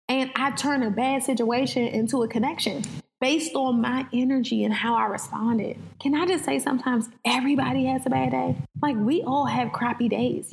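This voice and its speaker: A woman's voice: a little high, vocal fry, big-room sound, a little hiss or hum, low-quality recording. A woman guest on a podcast, telling stories animatedly and acting out the dialogue. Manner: animated storyteller, acts out quoted dialogue. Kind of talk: conversational podcast talk.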